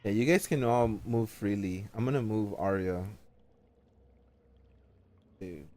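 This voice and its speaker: A man narrating as game master of an online tabletop game, talking casually and haltingly with many fillers. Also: on the low side, a little mellow.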